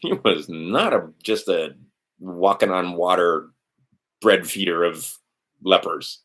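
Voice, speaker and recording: A man's voice: low voice, lively intonation, takes it slowly, a bit bright. A middle-aged man talking casually while scrolling through a document on screen, rambling with sardonic, profane asides. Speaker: host of a legal maxims stream. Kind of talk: casual screen-share talk.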